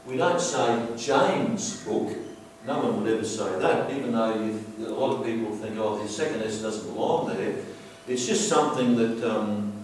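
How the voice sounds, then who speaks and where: A man teaching a grammar lesson over slides, explaining patiently and repeating himself, slowing down to stress key words. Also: lowish voice, darkish tone, a little hiss or hum. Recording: very echoey room, distant mic.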